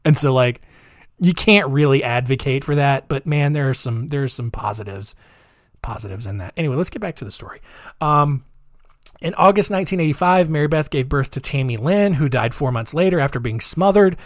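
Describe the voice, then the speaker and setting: A man's voice: medium pitch, animated, a little fast, no echo, clean studio sound. Sarcastic male podcast host. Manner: sarcastic, rambling asides. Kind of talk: casual storytelling about history.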